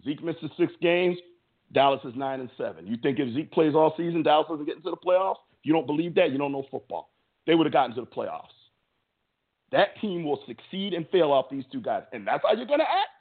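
A man co-hosting a sports podcast, delivering a heated, emphatic opinion rant with a husky voice and stammering restarts. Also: on the high side, sing-song, a little fast. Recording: tinny phone-like audio.

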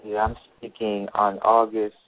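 A man's voice: fairly low pitch, completely flat delivery, measured pace, no room sound. A male author giving a radio interview over the phone, earnest and repeating his phrases as he explains. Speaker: author and guest. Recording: tinny phone line.

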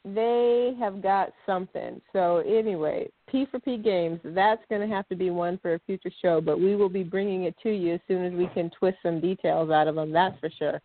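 A woman's voice: fairly low pitch, steady tone, normal speed, few pauses, dry recording. Woman cohost just chatting, kinda rambly, sounds like a phone line. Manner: chatty and rambling, laughs often. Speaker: podcast co-host. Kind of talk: casual chat.

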